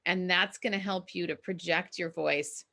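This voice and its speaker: Middle-aged woman coaching an online class, bright voice, upbeat and emphatic. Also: fairly low pitch, normal speed, creaky. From Minnesota, US. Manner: energetic, emphatic, encouraging. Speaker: communication coach.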